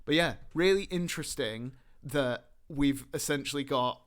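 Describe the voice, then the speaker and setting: A man's voice: a little high, normal speed, fairly bright tone. Chatty man, laughs a lot. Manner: chatty, laughs often, rambling asides. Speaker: podcast co-host. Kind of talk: casual chat.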